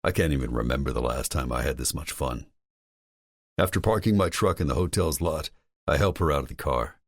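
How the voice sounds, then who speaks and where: Very deep-voiced male audiobook narrator. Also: a little fast, dry recording, studio quality. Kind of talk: first-person romance audiobook narration.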